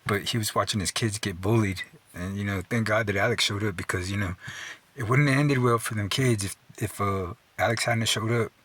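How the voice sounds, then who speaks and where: A middle-aged storyteller host with a lowish, fairly bright voice tells stories at a brisk clip. He's loose and profane, full of "dude" and "you know," and chuckles through his own tales.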